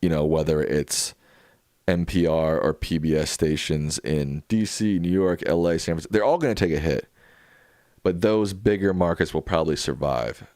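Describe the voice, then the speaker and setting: A man hosting a casual livestream, chatting in a relaxed way and thinking aloud as he answers viewers. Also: a bass voice, dry recording, clean studio sound. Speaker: livestream host.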